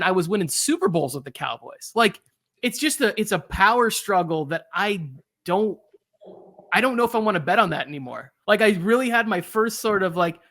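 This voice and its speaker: High-voiced man in casual sports talk. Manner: animated, acts out quotes. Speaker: podcast co-host.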